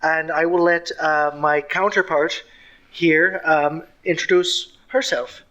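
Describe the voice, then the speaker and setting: A man's voice: a little high, fairly even intonation, slow pace, pushed and bright, muffled recording. Joking male tabletop player. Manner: joking, rambling in character. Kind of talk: casual tabletop role-play.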